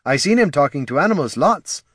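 A man's voice: fairly high pitch, sing-song, brisk, fairly bright tone, husky, no room sound, studio quality, voice pushed up, heavily acted. A man voicing a simple, bewildered tall old villager in a storybook reading, with folksy speech.

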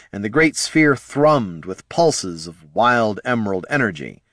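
Male narrator, even fantasy audiobook reading, dry recording. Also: fairly low pitch, dry recording.

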